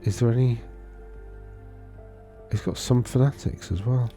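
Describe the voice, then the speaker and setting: Speaking unhurriedly in a warm, medium-pitched voice, a man talks casually through tournament data on his screen while faint music plays behind. The wargaming video host rambles and corrects himself as he thinks aloud in this screen-share commentary.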